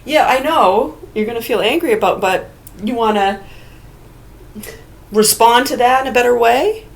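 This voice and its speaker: A woman with a higher-pitched voice and vocal fry rants casually at a moderate pace. Blunt and profane, she argues with absent listeners, hurling rhetorical questions at them.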